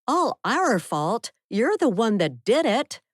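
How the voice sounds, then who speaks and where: A spirited, determined young woman renter, voiced by the woman narrator. Her voice sits a touch higher than the plain narration, in a dry, close studio read. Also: sing-song, takes it slowly, no room sound, full character voice. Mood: indignant.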